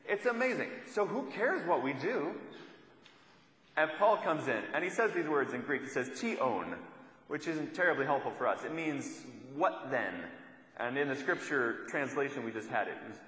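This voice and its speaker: A man's voice: mid-range voice, lively intonation, moderate pace, fairly bright tone, reverberant, big-room sound, rough recording. A young adult man giving a sermon, telling a story in a conversational way and repeating lines for emphasis. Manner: storytelling, conversational with rhetorical repetition. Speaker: preacher.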